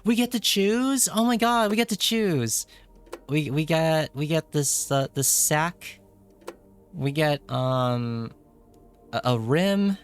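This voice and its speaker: A man streaming a story game live, reacting in a playful, excitable way with jokey asides. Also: on the high side, slow, clean tone, soft background music. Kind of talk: live playthrough commentary.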